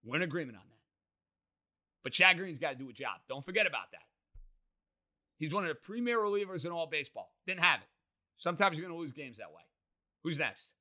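A man's voice: a little high, lively intonation, brisk, pauses often, pushed and bright. A man hosting a sports talk radio show, emphatic and opinionated.

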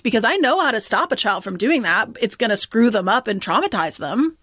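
A woman's voice: a little high, expressive, brisk, few pauses, fairly bright tone, dry recording. Chatty woman, dry close sound. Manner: chatty, peppered with "like". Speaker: parent. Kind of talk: casual podcast chat.

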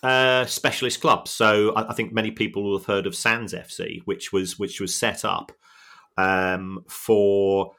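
A middle-aged man co-hosting a podcast, talking in an earnest, reflective and halting way. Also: on the low side, fairly even intonation, sharp tone. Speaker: podcast co-host. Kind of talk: casual podcast chat.

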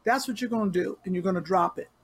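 A woman's voice: mid-range voice, fast talker, husky. A woman host in casual chat who gives advice in a direct, caring, teasing way and speaks informally. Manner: informal speech with dropped verbs.

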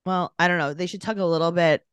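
A woman's voice: on the low side, fairly even intonation, quick pace, smooth, dry recording, clean studio sound. A woman co-hosting a podcast in casual chat, recapping a show with jokes and quoted voices. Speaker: podcast co-host.

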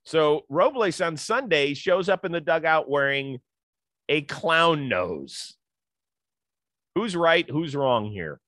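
A man's voice: fairly high pitch, big pitch swings, slow pace, a bit bright, no echo. A middle-aged man hosting a sports talk show, chatting casually and citing stats. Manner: conversational, stat-citing, storytelling.

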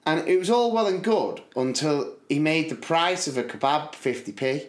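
A man co-hosting a casual podcast, telling stories with lots of laughter and slipping into quick voices. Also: on the high side, reverberant. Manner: animated, laughing storyteller who slips into voices. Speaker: co-host.

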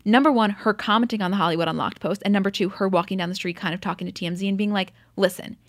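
A young woman co-hosting a chatty podcast, talking at a middling pitch and recapping with animated energy. She acts out what other people said and swears freely. The recording is close and dry. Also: very fast, no echo. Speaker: podcast co-host. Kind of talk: casual recap chat.

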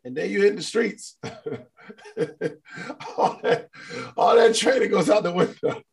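A man giving a casual motivational talk to a live online audience, animated and playful, acting out little scenes. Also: sits high, unhurried, vocal fry. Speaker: motivational speaker.

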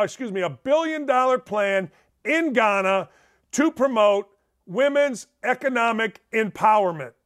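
Man, middle-aged, very high voice, sports talk host, sarcastic rants, home studio. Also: fairly bright tone. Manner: emphatic, digressive, sarcastic. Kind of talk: ranting sports talk monologue.

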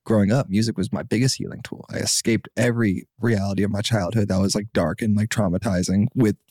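A man's voice: fairly low pitch, fast talker, no room sound, clean studio sound. A young man in his twenties, a singer-songwriter guest on a podcast, telling his story casually with lots of fillers and acted-out quotes. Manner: animated, acts out quotes, many fillers.

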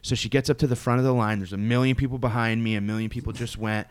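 A man's voice: mid-range voice, fairly even intonation, fast talker, clean tone, no room sound. Middle-aged male storyteller, casual and profane, acts out quotes, very dry mic. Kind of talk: casual chat.

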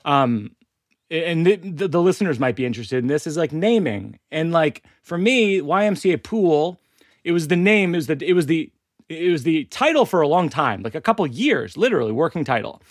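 A man's voice: fairly high pitch, expressive, a little fast, no echo, studio quality. Self-deprecating man hosting a podcast. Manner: self-deprecating, laughing often, stammering restarts. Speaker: podcast host. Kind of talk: casual interview chat.

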